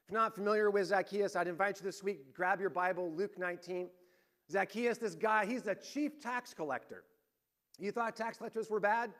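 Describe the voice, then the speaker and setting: A man with a notably high voice preaches as a pastor. He tells his stories with energy, climbing in intensity on key moments and dropping almost to a murmur on others. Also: moderate pace. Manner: lively storytelling, swings between rising emphasis and hushed points. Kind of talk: sermon.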